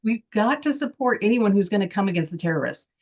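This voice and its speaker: A woman's voice: medium pitch, expressive, fast talker, darkish tone. A woman from Texas co-hosts a casual political talk show. She talks emphatically and drives her points home with rhetorical questions. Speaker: co-host.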